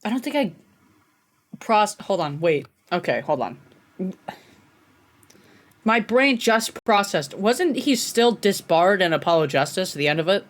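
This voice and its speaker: Excitable, swearing woman streamer. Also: medium pitch, a little slow, pauses often. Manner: excitable, swearing, laughing often. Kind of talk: casual game stream commentary.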